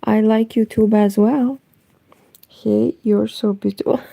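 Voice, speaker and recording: A woman from Eastern Europe with a Romanian accent, speaking Romanian natively, chatting softly at home late at night on a knitting livestream, her voice nearly gone. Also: on the high side, steady tone, takes it slowly, vocal fry. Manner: soft-spoken, reads chat aloud. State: nearly lost voice.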